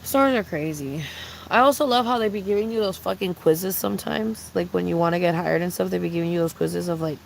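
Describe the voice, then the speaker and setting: A young streamer talking off the cuff to their chat, with a gravelly edge of vocal fry running through the voice. They speak bluntly, swear freely, and rant with lively swings, while a faint hiss of noise sits underneath. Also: medium pitch, fairly quick, rough recording. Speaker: livestreamer chatting with viewers. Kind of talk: casual unscripted stream chat.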